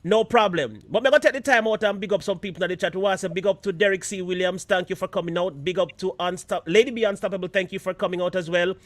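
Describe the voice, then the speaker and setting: A man's voice: high-pitched, no room sound. A Jamaican man hosting a live stream show, chatting casually and mixing patois with standard English.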